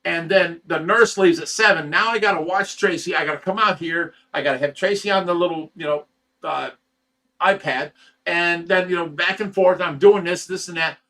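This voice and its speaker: A sleep-deprived man who runs a fish rescue tells a story on a livestream, his high-pitched voice bright and forceful at normal speed. He's heated and profane, stammering over repeated words.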